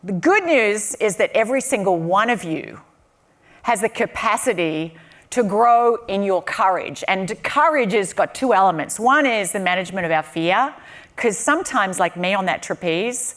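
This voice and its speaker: An Australian woman giving a keynote speech to a live audience, telling stories with humor and energy. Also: mid-range voice. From southern Australia. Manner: lively, humorous storytelling to an audience. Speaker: keynote speaker. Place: conference venue with a live audience.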